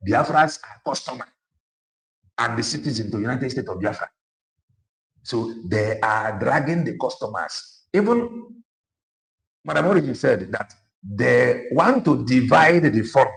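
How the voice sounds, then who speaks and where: A man's voice: mid-range voice, expressive, a little slow, creaky, rough recording. A man with a Nigerian Igbo accent giving heated commentary, switching between English and Igbo. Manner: heated, rising to a shout, mixing English and Igbo. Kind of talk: impassioned commentary.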